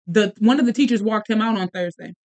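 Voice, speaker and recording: A woman in her thirties, a podcast host and mother, telling a story in casual chat with quick bursts, restarts and asides. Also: mid-range voice, darkish tone.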